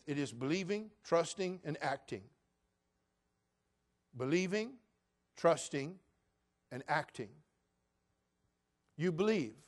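A man in his sixties preaching a sermon as pastor, telling Bible stories with lively acted-out voices. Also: sits high. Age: 60s.

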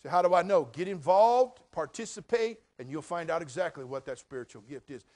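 An older man preaching a folksy sermon as pastor, swinging between quiet asides and loud emphatic lines. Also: a little high, lively intonation, a little fast. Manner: folksy, jokey, addresses crowd as brother.

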